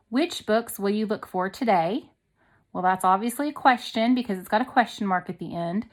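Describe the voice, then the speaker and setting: A patient woman teacher walks young children through a grammar lesson, one step at a time. She reads each example sentence slowly, then breaks it down, checking in with a frequent "okay?" Her pitch sits in an ordinary middle range. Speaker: second grade teacher.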